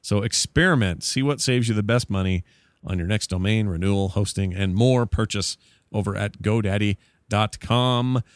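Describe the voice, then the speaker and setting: A male podcast host who chats casually in a lowish voice and jokes a lot as he rambles through sponsor reads and listener notes. The dry, close mic gives a tight sound with no room. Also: normal speed, no room sound. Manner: jokey, rambling, corrects himself.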